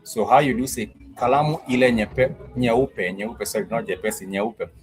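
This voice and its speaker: A man teaching a language lesson online, patiently repeating each phrase slowly so learners can follow. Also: medium pitch, faint music behind, poor audio. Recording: steady background noise.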